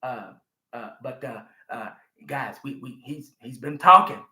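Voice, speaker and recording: A man doing a halting, mumbling older team owner. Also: mid-range voice, bright, forceful tone, echoey room, pitched below the performer's own voice. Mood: dismissive. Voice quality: mumbling, hesitant, full of uhs.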